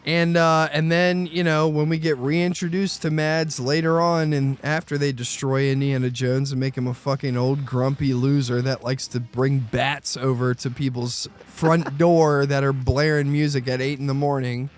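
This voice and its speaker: A man co-hosting a casual movie review podcast, swearing freely and retelling scenes with quick quoted lines. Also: medium pitch, flat delivery. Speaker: podcast co-host.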